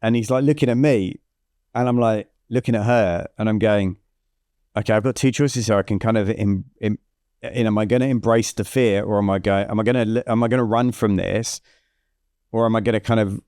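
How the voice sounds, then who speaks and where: Lively man telling a story. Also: fairly low pitch, fairly quick, clear, resonant tone, dry recording, clean studio sound. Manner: animated storyteller who acts out quoted dialogue, frequent restarts. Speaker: business coach, podcast guest. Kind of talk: conversational storytelling interview.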